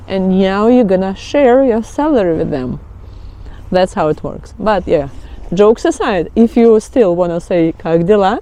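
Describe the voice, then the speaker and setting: A woman's voice: medium pitch, mellow. A woman whose first language is Russian, teaching a casual video lesson in a playful, joking way and laughing often, recorded outdoors in a city.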